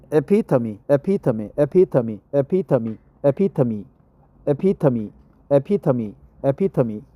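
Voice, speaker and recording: A man's voice: a little high, dark tone, no echo. A middle-aged man with a Korean accent, a native Korean speaker reading English text aloud for practice, repeating phrases and correcting his own pronunciation.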